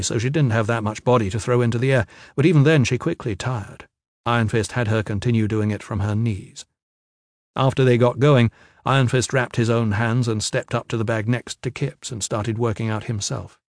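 Guy reading an audiobook, steady and measured, dry mic, no room sound. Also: mid-range voice, no echo. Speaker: audiobook narrator. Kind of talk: scripted narration.

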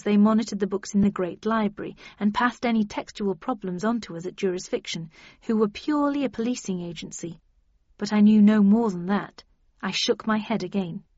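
A woman narrating an audiobook in a steady, wry storytelling manner. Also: medium pitch, normal speed, dry recording, lo-fi sound.

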